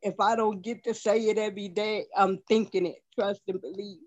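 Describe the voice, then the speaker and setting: A woman's voice: mid-range voice, steady tone, fairly quick, muffled recording. A woman in a group meeting giving an earnest, tearful thank-you speech. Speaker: meeting participant.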